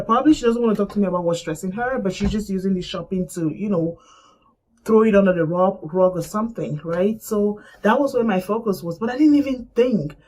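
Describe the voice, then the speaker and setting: A woman's voice: medium pitch, brisk. A woman telling an emotional personal story and acting out the conversations she remembers. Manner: animated, acts out past conversations. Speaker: vlogger sharing a personal loss. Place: Canada.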